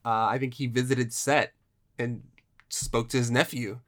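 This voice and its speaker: A man's voice: mid-range voice, level tone, measured pace, fairly bright tone. A man co-hosting a casual film chat, rambling with restarts and casual swearing.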